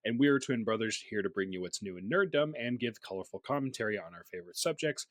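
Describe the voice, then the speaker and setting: A man's voice: fairly low pitch, animated, quick pace, dry recording. A man co-hosting a podcast in casual chat, laughing easily and reading lore summaries steadily. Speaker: podcast co-host.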